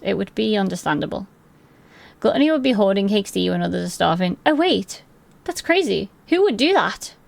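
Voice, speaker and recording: A young woman live-streaming, chatting excitably and rambling while she plays, swearing freely. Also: medium pitch, vocal fry, no room sound. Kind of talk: casual live-stream chat while gaming.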